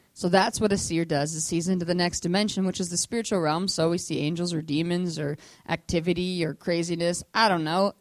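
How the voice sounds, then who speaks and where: A woman giving a casual, animated testimony sermon to a church audience, full of fillers like "like" and acting out the voices of people in her story. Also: lowish voice, no echo.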